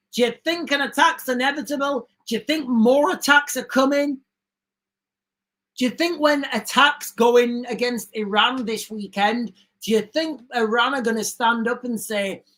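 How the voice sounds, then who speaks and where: A woman's voice: a little high, a bit bright. A woman hosting a live stream, reading breaking news aloud and stopping to give her own opinions to viewers. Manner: reads breaking news aloud with chatty asides; talks straight to viewers, often says "guys". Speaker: livestream host. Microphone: streaming setup mic.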